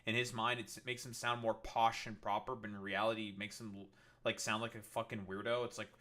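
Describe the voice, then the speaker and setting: A man with a fairly low, flat-pitched voice talks fairly quickly in a bright, forceful tone. Reacting to news clips on a political commentary livestream, he rants sarcastically, swears nonstop, and fills gaps with "uh" and "like".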